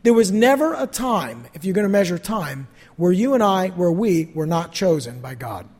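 A man preaching a sermon as pastor, with emphatic slow stresses and swings between loud and soft. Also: high voice, big pitch swings, breathy edge, in a large hall.

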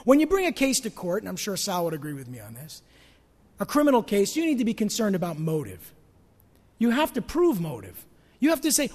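Animated high-voiced male pastor, church reverb. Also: a little fast. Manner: dramatic swings between loud emphasis and hushed asides; rhetorical questions to the congregation. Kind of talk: sermon.

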